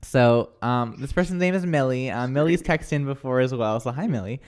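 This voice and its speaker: A man's voice: medium pitch, brisk, a little mellow. A man hosting a casual radio-style chat, reading listener texts aloud and laughing often. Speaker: host.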